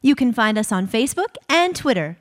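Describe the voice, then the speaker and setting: A woman's voice: a little high, very animated, brisk. A woman hosting a comedy show, reading scripted announcements with a playful, teasing delivery.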